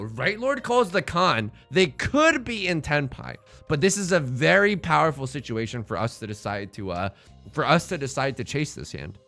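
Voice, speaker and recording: A man's voice: a little high, creaky, bright, forceful tone. A young man chatting casually while streaming a game, joking and rambling playfully as he plays.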